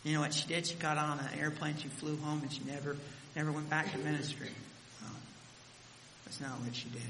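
Male preacher, dramatic storyteller, bright edge, long hall reverb. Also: on the high side, level tone, a little fast. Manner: dramatic storytelling, voice rising and dropping. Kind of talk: sermon. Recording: echoey hall with faint hiss.

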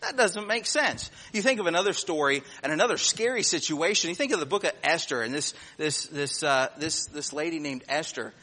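A man preaching a sermon in a folksy storytelling way, acting out voices and dropping to a quiet, low tone for the serious points. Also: animated, fairly quick, hardly any pauses. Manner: folksy storytelling, acts out voices, chuckles at own jokes; drops to a quiet, low voice when turning serious.

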